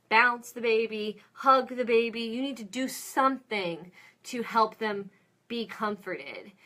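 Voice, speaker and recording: A woman in her thirties lecturing on parenting. She talks in an easy, conversational way, full of ums and gentle reassurance, and her voice sits at an ordinary middle pitch. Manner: conversational, encouraging, with fillers and acted baby-talk asides. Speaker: lecturer on child development. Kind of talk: informal recorded lecture.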